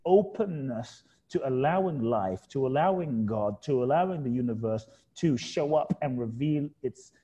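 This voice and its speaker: A middle-aged man speaks as a guest author in an interview, with a mellow, warm voice at an ordinary pitch. He tells his story in an earnest, heartfelt way. He leans on repeated phrases to drive his points home. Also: lively intonation, moderate pace, few pauses, lo-fi sound. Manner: earnest, heartfelt, repeats key words for emphasis.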